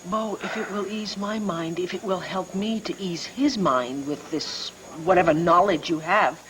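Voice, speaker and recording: A soft-spoken pleading wife. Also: female voice, fairly low pitch, unhurried, a little hiss or hum. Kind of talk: daytime soap acting.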